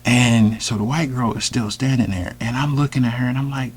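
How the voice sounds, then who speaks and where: Man, casual storytime, slangy, animated, mid-pitched voice. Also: fairly quick, few pauses, breathy edge. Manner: animated, slangy, with sudden loud high outbursts. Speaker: storyteller host.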